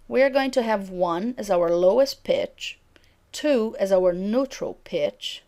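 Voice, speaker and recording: A middle-aged woman giving a recorded lecture on intonation, speaking clearly and acting out example sentences. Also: mid-range voice, darkish tone.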